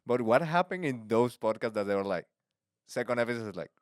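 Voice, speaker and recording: A man's voice: medium pitch, animated, fairly quick, no room sound, studio quality. A young man from Venezuela, hosting a casual podcast chat, laughing often and stammering over his words. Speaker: podcast host.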